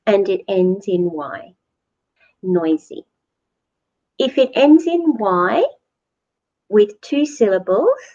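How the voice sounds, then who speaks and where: Super slow woman teacher going over grammar, repeats every word, from new zealand, kinda dull lo-fi sound. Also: medium pitch, darkish tone. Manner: slow, deliberate, repeats words for learners. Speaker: English teacher. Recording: dull lo-fi recording.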